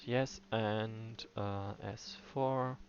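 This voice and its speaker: A man's voice: fairly low pitch, fairly even intonation, drawn-out words. A man giving casual gameplay commentary, thinking aloud with many fillers and restarts. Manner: muses to himself, hesitant with many fillers. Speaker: game player. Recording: dull lo-fi voice with faint music.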